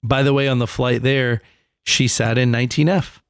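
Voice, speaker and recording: Swearing, animated male podcast co-host. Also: medium pitch, normal speed, gravelly, clean tone, dry recording, clean studio sound. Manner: animated storyteller, swears freely. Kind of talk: casual podcast chat.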